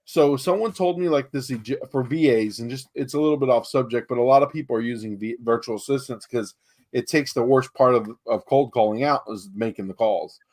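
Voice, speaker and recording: A man from San Antonio, Texas talks fairly quickly in a medium-pitched, darkish voice. Chatting on a casual podcast, he rambles through real estate stories, acting out the dialogue and filling gaps with plenty of fillers.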